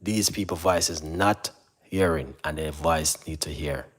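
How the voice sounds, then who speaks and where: Deep-voiced earnest man, rambling pep talk. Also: unhurried. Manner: earnest, repetitive, keeps saying "you know what I mean"; mimics receptionists in a higher voice. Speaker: channel host. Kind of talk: casual motivational talk to camera.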